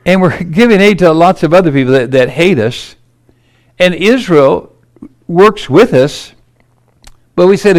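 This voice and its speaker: A man's voice: a little high, lively intonation, measured pace, a little mellow. A man giving urgent political commentary over maps and headlines, emphatic and incredulous.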